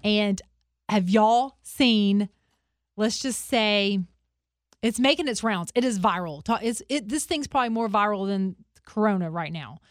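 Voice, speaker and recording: A woman's voice: mid-range voice, a little slow, no echo, clean studio sound. A woman co-hosting a morning radio show, telling a funny story with lots of laughter and gushing energy. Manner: excitable, laughs often, gushing. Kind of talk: animated on-air storytelling. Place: radio studio.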